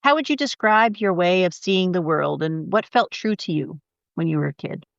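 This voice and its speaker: A woman's voice: fairly low pitch, normal speed, creaky, dry recording, dull audio. A woman hosting a podcast, reading a scripted intro and then asking curious, earnest questions. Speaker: podcast host. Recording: intro voice over music.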